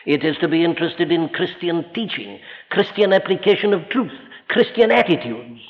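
Male preacher, somewhat high-voiced, emphatic sermon delivery, old muffled hall recording. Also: animated, normal speed. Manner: emphatic and rhetorical, with sudden rises and drops. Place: church or large hall. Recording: dull lo-fi recording with long hall reverb.

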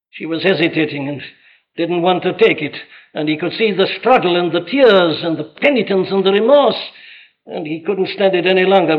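A man with a high voice preaches an earnest sermon. He fires rhetorical questions and abruptly presses his points with greater force. The recording is dull and lo-fi.

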